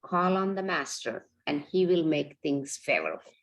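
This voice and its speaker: A woman in a class reading a passage aloud in a steady, careful way. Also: sits low, moderate pace, low-quality recording.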